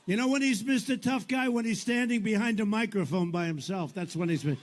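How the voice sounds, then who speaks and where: High-voiced older man rambling and mocking. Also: a little fast. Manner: repetitive, mocking, digressive. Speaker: politician speaking at rallies and on a podcast. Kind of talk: rambling rally speech and podcast chat. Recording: roomy reverb with faint background noise.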